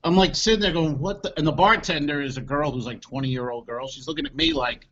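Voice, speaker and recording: A man co-hosting a comedy podcast, telling an animated story and acting out the voices of the people in it. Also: on the high side, fairly quick, lo-fi sound. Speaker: podcast co-host.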